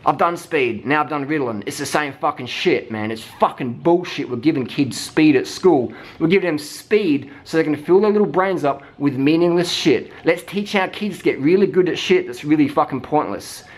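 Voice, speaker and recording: A man's voice: fairly high pitch, lively intonation, normal speed, few pauses. A man ranting heatedly, swearing constantly and mimicking people in mocking voices. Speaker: vlogger. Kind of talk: profane rant.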